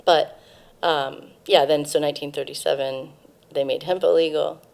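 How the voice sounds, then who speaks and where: Low, gravelly-voiced woman. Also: fairly even intonation, normal speed, darkish tone. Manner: informative, frequent ums and restarts. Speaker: cannabis museum guest. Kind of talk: casual interview, explaining history.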